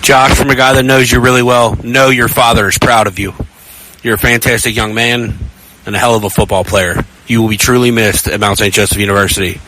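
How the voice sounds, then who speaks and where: A man's voice: mid-range voice, flat delivery, a little fast, pushed and bright, rough recording. A man interviewing a player, asking questions in a familiar, friendly manner with small stumbles as he rephrases. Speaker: sideline interviewer. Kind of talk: sports interview.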